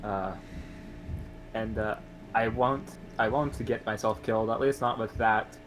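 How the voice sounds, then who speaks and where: A man playing his character in a tabletop role-play, speaking haltingly and laughing off his own remarks. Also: on the low side, fairly even intonation. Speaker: player. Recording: noisy background hiss.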